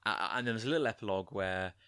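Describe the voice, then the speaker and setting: A man's voice: on the low side, rapid-fire, bright, forceful tone, clear, resonant tone, no echo. A young man co-hosting a podcast, recapping an episode in a rambling way and often correcting himself mid-sentence. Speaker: podcast co-host. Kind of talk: casual chat reviewing an anime episode.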